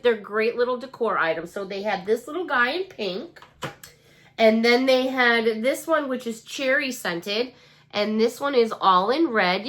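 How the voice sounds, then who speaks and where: A woman's voice: fairly high pitch, a bit bright. A middle-aged woman with a Chicago accent chats casually through a shopping haul, gushing over cute finds and asking her viewers questions. Her nose is still stuffy and her sense of smell has not fully come back. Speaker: haul vlogger. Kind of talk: casual show-and-tell chat.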